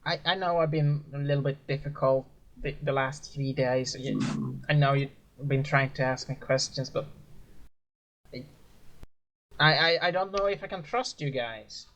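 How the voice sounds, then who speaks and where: A man's voice: mid-range voice, a little slow, long pauses, fairly bright tone, a little hiss or hum, rough recording. A man doing a stammering, wary young guy. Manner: hesitant, stammering. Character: nervous young man, sister's keeper on a ship.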